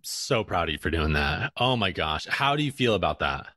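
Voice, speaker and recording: Man with a very deep voice, dry close sound, bantering podcast co-host. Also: sing-song, moderate pace, pushed and bright, dry recording. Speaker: podcast co-host, dental hygienist. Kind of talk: casual chat.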